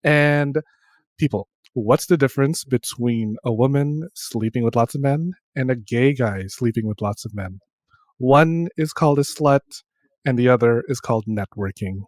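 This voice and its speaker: A man's voice: mid-range voice, moderate pace, darkish tone, no echo. A man hosting a podcast in casual chat, campy and joking, often laughing, on a close mic. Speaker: podcast host.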